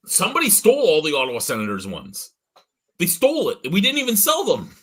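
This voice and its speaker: A man's voice: high voice, huge pitch swings, normal speed, a bit bright, husky. A man co-hosting a casual beer review chat, ranting with lots of swearing and getting worked up. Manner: profane, ranting, gets worked up. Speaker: beer review show co-host.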